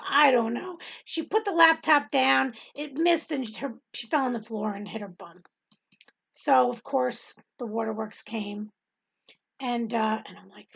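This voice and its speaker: A middle-aged woman who hosts and teaches a Bible study gives a rambling, casual testimony full of ums and frequent laughter. Her high voice is creaky and breathy with a fairly bright tone, though the audio is dull.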